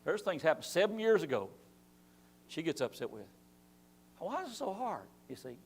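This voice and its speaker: Lively high-voiced man teaching Bible class. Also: normal speed, breathy edge. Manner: animated preaching with rhetorical questions and acted-out quotes. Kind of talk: church Bible class lesson. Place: church.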